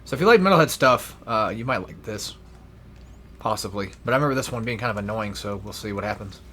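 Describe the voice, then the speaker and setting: A man's voice: fairly low pitch, animated, fast, a bit bright, a little hiss or hum. A young man giving casual gameplay commentary, rambling and swearing freely with self-deprecating asides. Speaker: let's play gamer.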